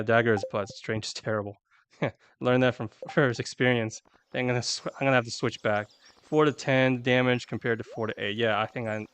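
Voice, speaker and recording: A man's voice: mid-range voice, fairly bright tone, clear, resonant tone. A man chatting casually and rambling while streaming a video game, talking to his viewers through a desk microphone. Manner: rambling, chatty, self-deprecating. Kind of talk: casual gameplay chat.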